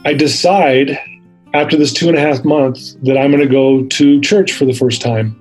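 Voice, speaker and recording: A man's voice: mid-range voice, steady tone, moderate pace, faint music behind, low-quality recording. A middle-aged man telling his story in a podcast interview, earnest and candid, acting out the dialogue. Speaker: interview guest.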